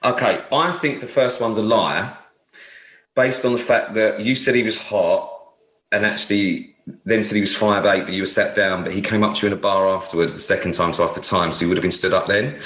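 A man's voice: lowish voice, steady tone, brisk, fairly bright tone, roomy sound. A man hosting a podcast who questions his co-host like a detective and teases her. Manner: teasing, quizzing like a detective. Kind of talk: casual chat.

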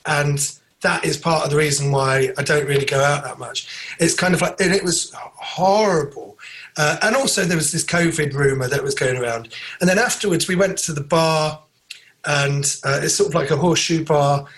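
Sweary british comedian telling a story. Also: male voice, on the high side, normal speed. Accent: British English. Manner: sweary, animated storytelling with voiced quotes. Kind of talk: casual anecdote on a podcast.

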